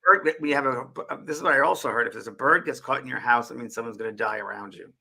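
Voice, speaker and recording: A man's voice: mid-range voice, fast, vocal fry, pushed and bright, slightly rough. A man co-hosting a casual spiritual chat show, musing aloud and often repeating and restarting his words. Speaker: co-host.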